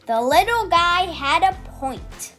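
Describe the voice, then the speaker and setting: Woman storybook narrator, high, lively, unhurried. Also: faint music behind. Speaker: audiobook narrator.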